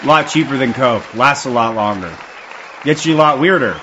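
A man's voice: mid-range voice, expressive, moderate pace, noisy background. A man livestreaming, telling a rambling story to his chat, swearing a lot and laughing often. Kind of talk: casual storytelling to a live chat. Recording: dull lo-fi stream audio with faint crowd.

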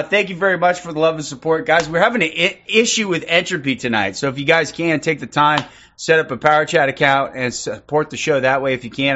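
A man hosting a livestream in loose, casual chat, reeling off quick shout-outs and swearing freely. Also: medium pitch, highs cut off, a little hiss or hum. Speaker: livestream host.

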